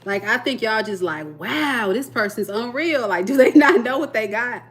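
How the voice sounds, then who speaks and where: A woman's voice: fairly high pitch, animated, moderate pace. A woman giving a live tarot reading, talking playfully to her viewers and often breaking into laughter. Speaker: tarot reader.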